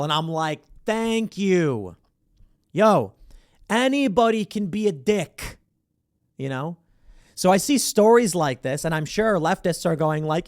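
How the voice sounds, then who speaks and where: A man's voice: a little high, expressive, normal speed, dry recording, clean studio sound. A man hosting a commentary show, talking in a sarcastic, opinionated way and acting out the voices he quotes. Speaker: podcast host.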